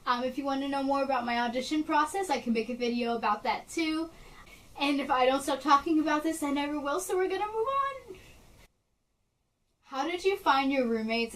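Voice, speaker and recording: A young woman in her bedroom chatting excitedly to camera for her vlog channel. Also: a little high, distant mic, rough recording. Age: young adult. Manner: bubbly, excited, gushing. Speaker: vlogger. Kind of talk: casual chat to camera.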